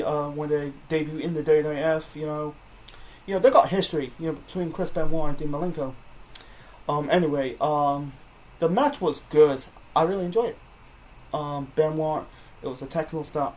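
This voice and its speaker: A man's voice: fairly high pitch, a little mellow. A young man reviewing wrestling in a rambling, casual chat full of fillers and self-corrections.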